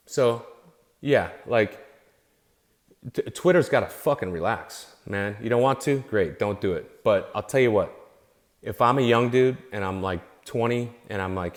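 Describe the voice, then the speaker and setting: A man's voice: lowish voice, measured pace, long pauses. A man ranting unscripted to his followers, heated and profane, repeating himself and restarting his phrases as he gets worked up. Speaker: vlogger. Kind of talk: unscripted angry rant to camera.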